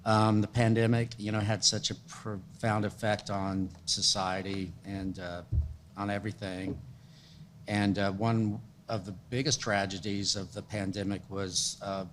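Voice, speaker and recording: A man moderating a museum panel discussion, measured and agreeable, giving soft backchannels. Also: fairly low pitch, level tone, a little hiss or hum. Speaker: moderator and curator. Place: museum event space.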